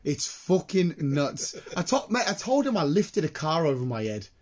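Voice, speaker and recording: A man's voice: a little high, big pitch swings, normal speed, darkish tone, slight background noise. A man in his late twenties who works in construction, telling stories in casual chat, laughing often and swearing freely. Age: late 20s. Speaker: construction worker.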